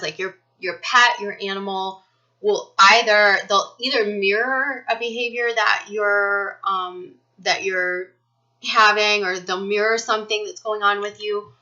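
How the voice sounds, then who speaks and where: A woman with a bright, forceful voice talks through a spiritual card reading in a rambling, earnest way, full of "you know" and "um". The recording sounds muffled and lo-fi. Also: fairly low pitch. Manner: rambling, earnest, filler-heavy. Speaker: spiritual reader. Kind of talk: casual energy reading monologue.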